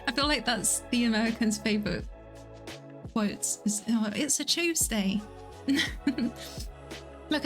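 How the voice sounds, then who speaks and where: A woman's voice: a little high, a bit bright. A young woman chatting casually on a livestream, reading viewers' messages aloud and answering them. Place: at home.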